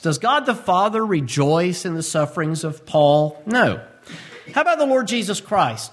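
Preacher guy, kinda high voice, earnest and emphatic, cracks little jokes mid sermon. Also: a bit bright. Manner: earnest, emphatic, with asides and humor. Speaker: pastor.

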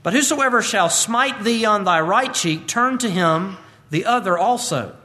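A man preaching an expository sermon as a pastor. He reads scripture in a measured King James cadence, then explains it briskly and emphatically, with rhetorical questions. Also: high voice, lively intonation, sharp tone.

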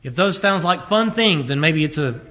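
Male pastor, higher-pitched voice, conversational sermon delivery, asks the congregation questions. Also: lively intonation, normal speed, bright, forceful tone. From rural upbringing with a catfish pond. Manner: conversational preaching with rhetorical questions.

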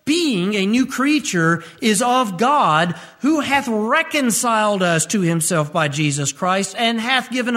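Emphatic high-voiced male preacher. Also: fairly bright tone. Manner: emphatic preaching, repeats key phrases, pitch leaps up when stressing points. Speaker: pastor. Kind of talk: radio sermon.

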